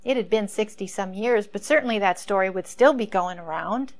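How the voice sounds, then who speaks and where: A woman's voice: mid-range voice, brisk. A woman in a mid-range voice retells a Bible story as a lesson. She muses aloud in a conversational way and often turns to the listeners with rhetorical questions. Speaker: Bible teacher.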